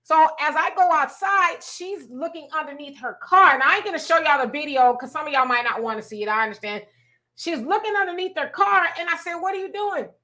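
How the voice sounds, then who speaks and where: A middle-aged woman hosting a talk show, telling a story in a casual, animated way and repeating words for emphasis. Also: high-pitched, brisk. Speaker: show host.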